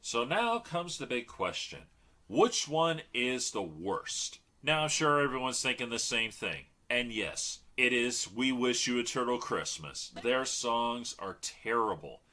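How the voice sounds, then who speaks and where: A man hosting a casual movie review chat, talking in an animated, mocking way. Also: mid-range voice, unhurried.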